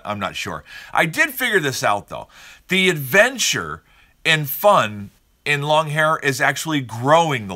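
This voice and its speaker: A man's voice: medium pitch, sharp tone. Upbeat chatty male podcast host. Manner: chatty, rambling, upbeat storyteller. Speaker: morning show host. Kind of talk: casual morning podcast chat.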